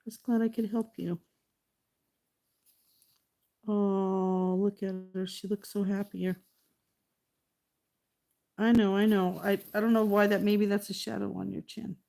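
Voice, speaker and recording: A woman's voice: mid-range voice, flat delivery, measured pace, vocal fry, pauses often, dark tone. A middle-aged woman chatting casually while she paints live, talking to her painting and thanking viewers. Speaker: artist livestreaming.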